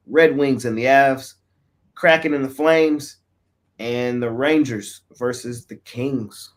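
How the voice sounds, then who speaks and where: A man hosting a sports betting picks show, talking in a casual, slangy way that often trails off quietly. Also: mid-range voice, measured pace.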